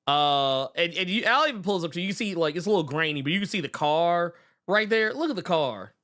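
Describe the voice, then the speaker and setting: Animated, bright-voiced man riffing on a stream. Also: on the high side, quick pace. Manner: exclamatory, profane, laughing often. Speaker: show host. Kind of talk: casual live-stream commentary.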